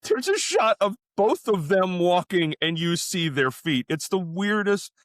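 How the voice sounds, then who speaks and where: A man co-hosting a casual podcast, telling stories in an animated way, often stumbling over and repeating his words. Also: sits high, unhurried, dry recording, clean studio sound. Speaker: podcast co-host. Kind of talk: casual conversational podcast chat.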